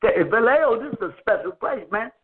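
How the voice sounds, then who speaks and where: A man with a high voice talks at a quick pace with lively intonation, hosting a casual phone call-in chat from a friend's house. Laughing frequently, he tells loose, profane stories over a tinny line with faint noise.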